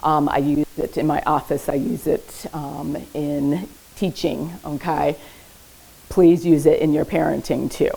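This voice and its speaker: A woman therapist presents to parents in a public library room, and her voice sits low with a gravelly edge. She keeps her delivery conversational and warm with humor. She often pauses to ask "okay?" before moving on. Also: flat delivery, low-quality recording. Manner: uses light humor while teaching. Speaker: therapist giving a parenting talk. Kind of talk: informal educational presentation.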